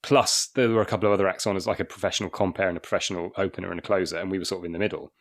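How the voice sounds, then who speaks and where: A man's voice: low-pitched, fairly even intonation, very fast. A man in his forties from Wakefield in England, a comedian telling rambling anecdotes in a casual podcast chat, with frequent restarts and chuckles. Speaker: guest comedian.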